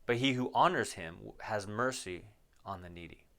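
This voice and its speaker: A man's voice: on the low side, normal speed, fairly bright tone. A man teaching a Bible passage verse by verse as a pastor, reading each verse aloud, explaining it and asking the listeners questions. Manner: asks the listeners rhetorical questions; reads verses aloud, then explains them.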